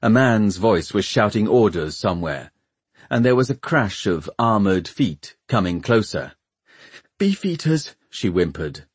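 A low, husky male voice reads a novel aloud in measured, expressive narration. His pitch swings widely through the sentences. The recording is close and dry. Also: no room sound. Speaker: audiobook narrator. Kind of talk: scripted narration.

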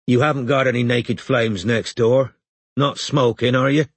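A man's voice: mid-range voice, steady tone, normal speed, dry recording, lightly acted. A man voicing a determined male detective who mutters under his breath or speaks sternly. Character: gruff male private detective, tense and determined.

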